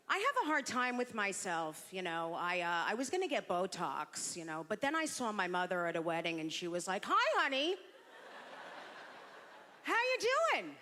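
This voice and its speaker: Brash, animated woman comic on stage. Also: fairly low pitch, unhurried, big-room sound, slight background noise. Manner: brash, self-deprecating, animated. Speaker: stand-up comedian. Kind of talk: stand-up comedy set. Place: comedy stage.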